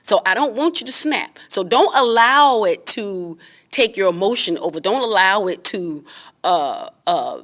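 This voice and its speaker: Lady talking straight to camera about heartbreak, earnest and a bit preachy. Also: fairly bright tone. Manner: earnest, repetitive, preachy with emphatic pitch swings. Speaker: vlogger giving relationship advice. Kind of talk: casual advice talk to camera.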